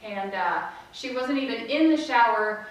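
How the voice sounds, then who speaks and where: A middle-aged woman telling a personal story to a live audience, acting out her family's voices with big jumps in pitch. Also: a little slow. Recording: echoey hall, voice from a distance.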